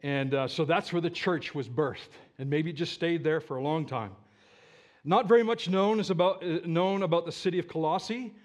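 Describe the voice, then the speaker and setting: A man preaches to his church with a fairly high voice. He swings between loud, emphatic calls and soft, low asides. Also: normal speed. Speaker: pastor. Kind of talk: sermon. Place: church sanctuary with a live congregation.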